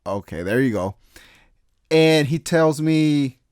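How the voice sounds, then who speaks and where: A man's voice: a little high, animated, slow pace, darkish tone, smooth, dry recording, studio quality. A young man hosting a casual podcast chat, hesitant with many fillers and restarts. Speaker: podcast host.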